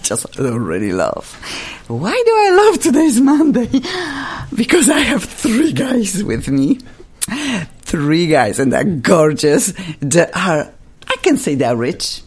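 A woman's voice: a bass voice, a little mellow. A woman with a Polish accent hosting a talk radio show, effusive and laughing often as she praises her guests. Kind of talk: bubbly talk radio chat.

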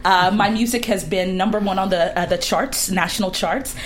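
A woman's voice: mid-range voice, normal speed, a little hiss or hum. Upbeat woman telling her story. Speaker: guest, music label owner. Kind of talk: interview conversation.

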